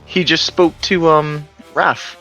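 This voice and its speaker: A man's voice: fairly high pitch, steady tone, slow, bright, forceful tone, soft background music. A man playing in a tabletop game, chatting casually and mumbling as he reads his abilities aloud. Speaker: player.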